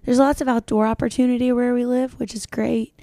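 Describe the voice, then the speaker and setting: A woman co-hosting a podcast in casual chat, cheerful and gushing, her voice squeaky and strained. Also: flat delivery, fairly quick, warm tone, dry recording, clean studio sound. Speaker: co-host.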